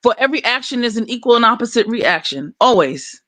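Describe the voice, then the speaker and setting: A man's voice: very high-pitched, sing-song, a little fast, a bit bright, dry recording. A man joining a live stream, talking in an easygoing way and explaining things at length. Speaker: stream guest. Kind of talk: casual chat on a live stream.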